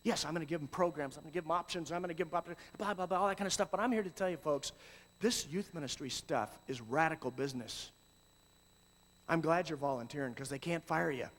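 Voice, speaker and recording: High-voiced, animated preacher in a hall. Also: male voice, fast talker. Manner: animated, swings between loud exclamations and low asides. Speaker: youth ministry speaker. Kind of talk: sermon.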